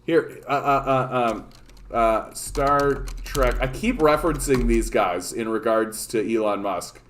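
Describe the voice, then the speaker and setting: Male livestream host from Canada, mid-pitched, rambling sarcastic rant full of swearing and false starts. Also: a little slow, fairly bright tone, slight background noise. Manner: profane, rambling, sarcastic, many restarts. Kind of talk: casual ranting livestream chat.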